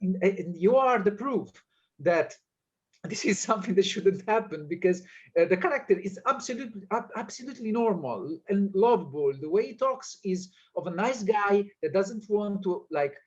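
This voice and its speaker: An Italian-speaking man, a film director, answering interview questions in English with lively, stumbling energy and frequent restarts. His voice sits high for a man. The sound is dull and lo-fi, like a video call. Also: moderate pace, slightly rough. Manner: animated, hesitant non-native English with many restarts. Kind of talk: casual interview conversation.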